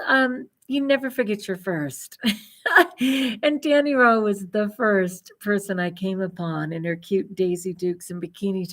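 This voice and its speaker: A middle-aged woman vlogger chatting casually on a livestream, rambling and laughing often. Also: mid-range voice.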